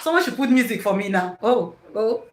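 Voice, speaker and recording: A woman with a Nigerian English accent hosting her own live stream in casual chat, excitable and effusive, laughing often. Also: on the high side, brisk, echoey room, a little hiss or hum.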